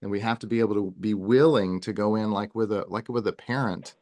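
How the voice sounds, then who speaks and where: A man's voice: on the low side, a little fast, a little mellow. A man speaking as a guest in a casual podcast interview, earnest and rambling, with frequent restarts. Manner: earnest, talks in long runs with many restarts. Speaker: wellness guest.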